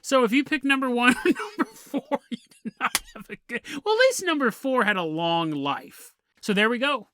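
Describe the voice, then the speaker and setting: A man's voice: very high-pitched, very animated, moderate pace, pushed and bright, no echo. A man hosting a podcast, telling a comedic story and laughing through his lines. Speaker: podcast host.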